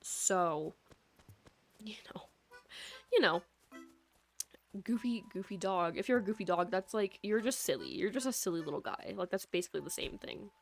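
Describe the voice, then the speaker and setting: A woman's voice: medium pitch, expressive, normal speed, long pauses. A young woman from the American Midwest with a Midwestern accent, chatting casually and rambling while she streams a game, her sentences full of "like". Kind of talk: casual gameplay chat. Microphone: USB microphone. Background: soft lofi music.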